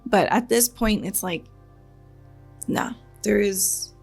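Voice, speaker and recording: A woman's voice: mid-range voice, slow, vocal fry, a little mellow, husky, faint music behind. A woman hosting a reaction channel. She talks in a casual, earnest, rambling way, with nervous laughs when she gets upset.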